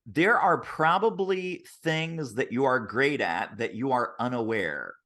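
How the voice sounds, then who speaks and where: Animated man telling stories. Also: medium pitch, a little slow. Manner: animated, acts out quotes. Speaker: sales author and consultant. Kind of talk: interview guest, storytelling. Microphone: video call.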